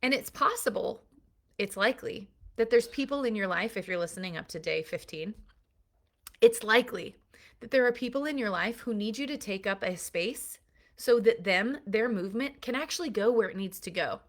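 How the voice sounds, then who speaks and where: A woman's voice: medium pitch, lively intonation, normal speed. A woman parenting coach giving an earnest, emphatic recorded lesson built on analogies.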